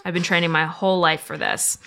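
Bright-voiced playful young woman podcaster. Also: lowish voice, steady tone, a little fast, gravelly. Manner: playful, self-mocking, lots of "like". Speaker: podcast co-host. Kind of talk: casual podcast chat and timed storytelling.

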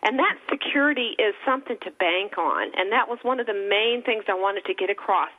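A woman's voice: medium pitch, animated, brisk. Woman author on a tinny phone line. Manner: earnest, emotional storytelling with faith references. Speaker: author guest. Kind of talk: radio interview on a phone line.

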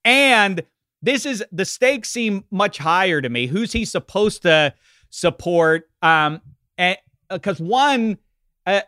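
Bright, crisp-voiced man bantering dryly. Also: sits high, lively intonation, dry recording, studio quality. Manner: wry, self-mocking, halting restarts. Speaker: sports talk show host. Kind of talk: casual sports banter.

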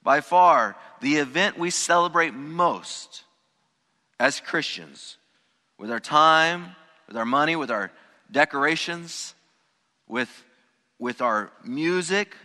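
A man's voice: on the high side, lively intonation, takes it slowly, pauses often, bright, forceful tone, in a large hall. A man preaching a sermon as pastor, emphatic, stressing key words and repeating phrases for weight. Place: church sanctuary.

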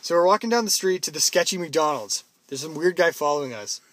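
A man's voice: fairly high pitch, a little fast. A young man from Canada casually telling a story to a friend, acting out the people in it. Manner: animated, acts out quotes in loud put-on voices.

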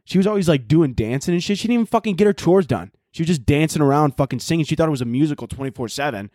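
A man's voice: on the high side, lively intonation, racing, darkish tone, dry recording, studio quality. A young man hosting his own podcast, rambling in a profane, self-mocking comic rant. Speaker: podcast host. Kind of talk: solo comedic podcast rant.

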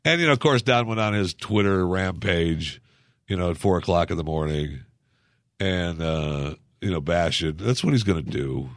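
A man's voice: low voice, lively intonation, moderate pace, no echo, studio quality. A man giving casual political commentary as a podcast host, in a sarcastic, ranting, mocking manner.

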